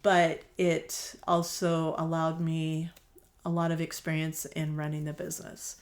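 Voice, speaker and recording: A woman's voice: sits low, completely flat delivery, a little slow. A middle-aged woman, a quilt shop owner, chatting as a guest on an interview podcast, telling stories and acting out the dialogue. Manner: chatty storyteller, acts out quoted dialogue, laughs easily. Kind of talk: casual conversational interview.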